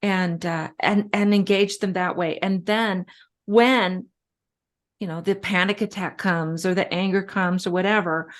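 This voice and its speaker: A woman's voice: medium pitch, fairly even intonation, measured pace. A middle-aged woman speaking as a guest in a casual interview, chatty and storytelling with frequent fillers. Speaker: guest, respiratory therapist.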